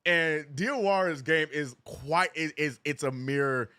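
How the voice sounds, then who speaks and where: A man streaming a live watch-along, doing casual play-by-play and answering chat, jumping up in pitch on big plays and slang-heavy in between. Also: measured pace, smooth, dry recording. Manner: excitable, rises sharply on big plays, drops low reading chat; casual slangy talk, says bro and man.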